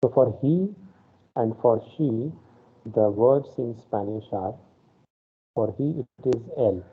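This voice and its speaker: A man's voice: mid-range voice, lively intonation, slow pace, slightly rough. A man teaching a Spanish class online, explaining step by step and often checking in with an "okay". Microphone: video call. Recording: phone-like online class audio.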